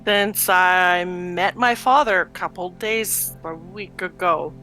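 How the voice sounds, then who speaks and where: A woman's voice: on the low side, slow, pushed and bright, faint music behind. A woman playing in a tabletop game, answering matter-of-factly in character. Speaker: player.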